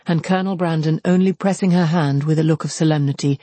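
A narrator giving a measured, even reading of a classic novel. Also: mid-range voice, no echo. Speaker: audiobook narrator.

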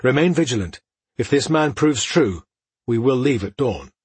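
A man voicing an ancient male elf elder who speaks in a formal, measured way. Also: medium pitch, expressive, slightly rough, no room sound. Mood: grave.

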